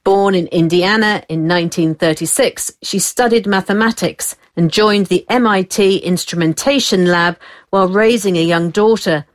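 A woman reading a short scripted profile in an even, unhurried way. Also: lowish voice. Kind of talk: scripted narration.

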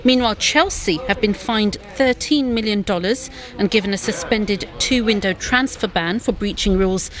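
Woman sports reporter, news broadcast, crisp informative read. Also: mid-range voice, normal speed.

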